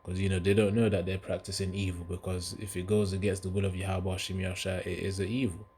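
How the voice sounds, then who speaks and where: A man's voice: deep voice, flat delivery, fast talker, a little mellow, a little hiss or hum. A man giving casual religious commentary in a loose, rambling way, full of filler asides.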